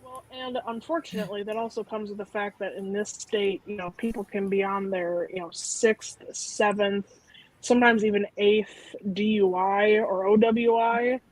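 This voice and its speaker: A woman from Wisconsin chatting on a podcast, talking haltingly with many fillers and restarts. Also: mid-range voice, steady tone, dry recording, rough recording. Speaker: podcast co-host. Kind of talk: casual chat.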